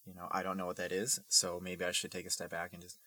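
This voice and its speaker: A man's voice: low-pitched, monotone, fast, background noise. A man co-hosting a casual chat, playful and jokey, recorded in a small closet. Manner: playful, jokey, puts on silly voices.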